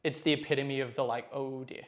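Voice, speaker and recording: A man's voice: mid-range voice, steady tone, a little fast. A man playing a tabletop wargame and joking with friends in casual chat. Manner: joking, playful banter. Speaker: wargaming player and host.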